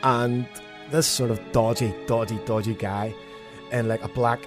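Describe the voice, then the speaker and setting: A young man hosting a student radio advice show, telling a story in an animated way and laughing often. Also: mid-range voice, measured pace. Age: young adult. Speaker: radio host. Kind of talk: casual chat. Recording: music playing in the background.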